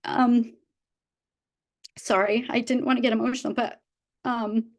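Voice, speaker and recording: Earnest, higher-voiced woman in her fifties. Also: level tone, unhurried, pauses often. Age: 50s. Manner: earnest and heartfelt, with frequent restarts. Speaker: business team leader speaking to her team. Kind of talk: motivational talk to a live audience. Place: event room with a live audience.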